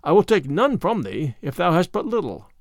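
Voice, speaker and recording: Man doing a bold outlaw chief, mock-courtly and archaic, fairly high voice with lively pitch. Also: normal speed, no echo, studio quality, exaggerated voice. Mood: stern.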